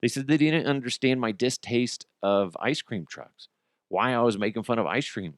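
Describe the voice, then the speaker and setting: A middle-aged man hosting a podcast, telling comic stories in a casual monologue, swearing and acting out quotes in high voices. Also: normal speed, no room sound, clean studio sound. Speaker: podcast host.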